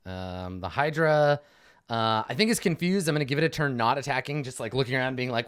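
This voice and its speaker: A man runs a tabletop game, narrating the action in a loose, animated way. His voice sits at an ordinary middle pitch, and he fills his telling with ums and likes. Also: brisk, clear, resonant tone. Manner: casual, animated storytelling with many fillers. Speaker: game master.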